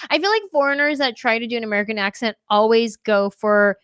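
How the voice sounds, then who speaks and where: Brief: woman show host, upbeat and jokey, voice sits a bit high. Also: a little fast, few pauses, a bit bright, clear, resonant tone, dry recording. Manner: bubbly, laughing, playful. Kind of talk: live-streamed interview chat.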